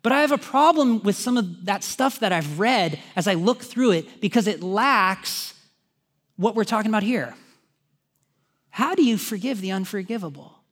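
A male pastor delivers a sermon in a high, bright-sounding voice. He preaches in an animated, conversational way and often turns to his listeners with casual asides. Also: normal speed.

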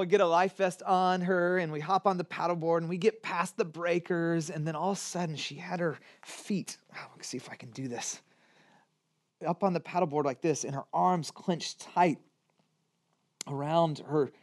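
A man's voice: fairly high pitch, fairly even intonation, moderate pace. Earnest male pastor preaching. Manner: moves between gentle near-whispers and urgent pleas. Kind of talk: sermon.

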